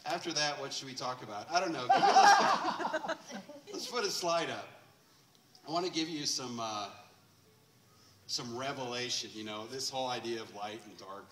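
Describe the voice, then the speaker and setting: A man preaching a sermon in a church and telling a story in a loose, chatty way, with fillers and quick laughs. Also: medium pitch. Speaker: pastor. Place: church sanctuary. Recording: echoey church room, distant mic.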